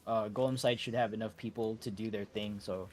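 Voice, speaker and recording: A man leading a game raid over voice chat, talking in a relaxed, halting way with many fillers and restarts. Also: lowish voice. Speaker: raid leader.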